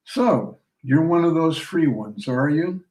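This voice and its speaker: A tall, easygoing frontier general, voiced by a man reading aloud who talks with a good-humored drawl. Slow and a touch raised in pitch. Roomy sound, far from the mic. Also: expressive, a little mellow.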